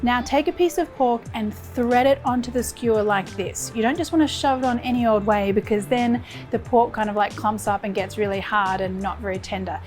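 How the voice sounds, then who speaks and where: A chatty, enthusiastic Australian woman walks through a recipe as a cooking host. Her voice sits a little high, with faint music playing behind her. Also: brisk, a little mellow. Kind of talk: cooking demonstration.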